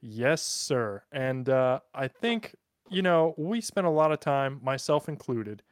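A man's voice: medium pitch, animated, slow pace, smooth, no echo, clean studio sound. A man co-hosting a podcast in casual chat, joking crudely and mocking himself. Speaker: podcast co-host. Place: in Europe.

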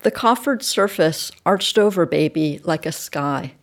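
A woman reading a dark literary story aloud, measured and dropping soft at sentence ends. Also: lowish voice, animated. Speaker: narrator. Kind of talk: audiobook reading.

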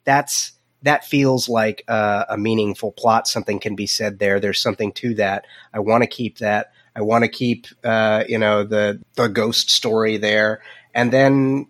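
A man's voice: on the low side, steady tone, unhurried, fairly bright tone. A man co-hosting a podcast, joking about a movie, laughing often and stammering through restarts. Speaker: podcast co-host. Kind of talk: casual chat about a movie.

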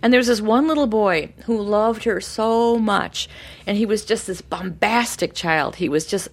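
A middle-aged woman co-hosting a podcast, telling a personal story in an animated, casual way. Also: mid-range voice, moderate pace. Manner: animated, acts out voices in her stories. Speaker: podcast co-host.

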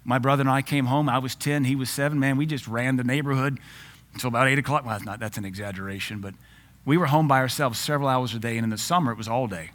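A man in his forties from the United States preaching a sermon as pastor, in a lively, joking way with frequent laughs. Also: medium pitch, fast.

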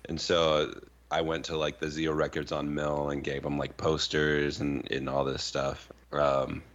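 A man with a very low, deep voice chatting casually on a podcast. He tells stories with plenty of swearing and "like". The sound is a bit dull. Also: a little slow. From Arizona, US. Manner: animated storytelling, heavy swearing, lots of "like". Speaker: podcast co-host. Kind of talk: casual chat.

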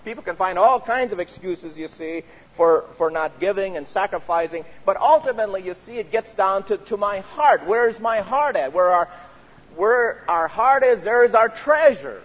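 A pastor with a high, lively voice preaches earnestly at a moderate pace in a church sanctuary, and the recording carries the sanctuary's reverberation. He often adds "you see" as he makes his points.

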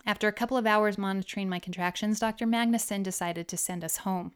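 A woman narrating her own memoir in an audiobook reading, with expressive storytelling. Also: mid-range voice, fast talker, few pauses, smooth.

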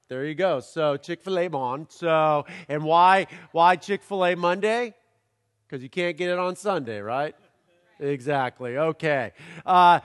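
Joking pastor preaching in a long-echo hall. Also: male voice, fairly high pitch, fairly bright tone, smooth. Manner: halting, with many fillers and repeated words; playful, punning delivery. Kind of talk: sermon with jokes. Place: church sanctuary. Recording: long reverb of a large hall.

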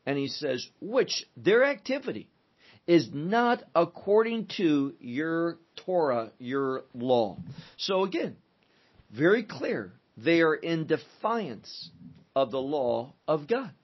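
A man teaching through a psalm verse by verse, deliberate and emphatic, building his points in lists. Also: fairly high pitch, big pitch swings, slightly rough. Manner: slow, deliberate, emphatic with listed phrases. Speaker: Bible teacher. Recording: dull lo-fi recording.

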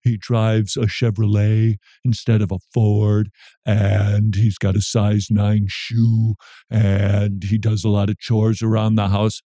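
A man's voice: fairly low pitch, flat delivery, slow, warm tone, dry recording, pitched below the performer's own voice. A man voicing a young woman who reads off her list of demands for a husband, in a dry, close sound. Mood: demanding.

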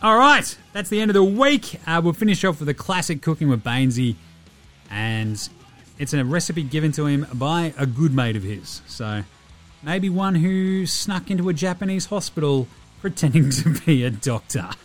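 A man's voice: fairly high pitch, expressive, moderate pace, a bit bright, soft background music. A man, a podcast host signing off the show in a cheeky, matey way. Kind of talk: show sign-off.

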